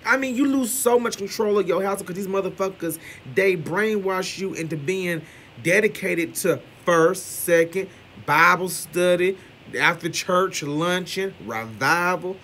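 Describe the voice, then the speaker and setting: A man giving loud, brash gossip commentary with heavy cursing. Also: high voice, unhurried, slight background noise. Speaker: commentary vlogger.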